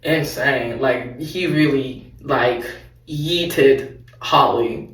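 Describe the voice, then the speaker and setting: A woman's voice: a bass voice, extremely slow, far from the mic. Chatty rambling woman, off-mic and echoey. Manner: rambling, chatty, self-correcting, laughing asides. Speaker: vlogger recapping a TV show. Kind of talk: casual recap chat. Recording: roomy, off-mic.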